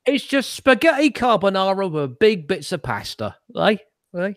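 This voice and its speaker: Lively joking man. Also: high voice, moderate pace, no room sound, studio quality. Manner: joking, swears freely, laughs often. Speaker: co-host. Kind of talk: casual live-stream chat.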